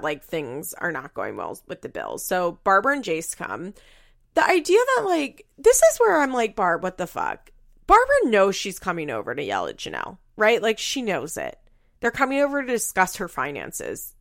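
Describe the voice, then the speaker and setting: A woman's voice: medium pitch, gravelly, a bit bright, no echo, studio quality. A woman recapping a reality show in casual chat, blunt and profane, often laughing.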